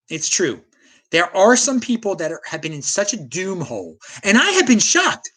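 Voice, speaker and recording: A man's voice: high-pitched, a bit bright. An American man hosting a solo livestream, ranting with strong opinions and reading chat comments aloud. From United States. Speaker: livestream host.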